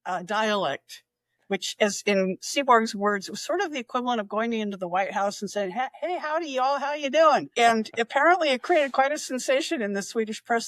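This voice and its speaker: A podcast guest presenting a history segment, telling stories in an animated way and chuckling often. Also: medium pitch, a little fast, dry recording. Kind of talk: casual storytelling chat.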